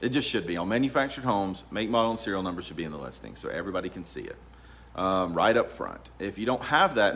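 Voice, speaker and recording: A real estate attorney in a law office gives relaxed, rambling advice, laughing often and saying um a lot. His voice is on the low side, with a little hiss or hum.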